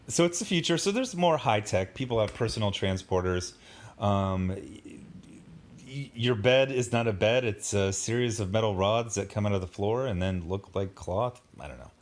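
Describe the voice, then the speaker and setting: Man, sarcastic casual review rant, exasperated, rambling, lots of ums and likes, mid-pitched voice. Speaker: commentary host.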